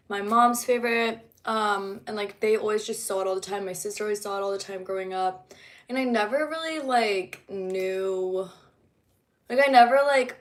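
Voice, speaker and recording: A young woman talks to her viewers on a relaxed livestream, rambling along with plenty of fillers. Her voice sits at an ordinary, middle pitch. She comes across as an easygoing singer-songwriter. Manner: chatty, rambling, many fillers. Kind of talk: casual livestream chat.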